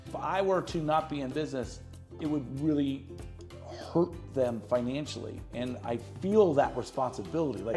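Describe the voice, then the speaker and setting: A middle-aged man, a real estate agent on a podcast, telling lively stories and acting out the people in them. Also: mid-range voice. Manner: lively, acts out quotes in his stories. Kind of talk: animated storytelling in an interview.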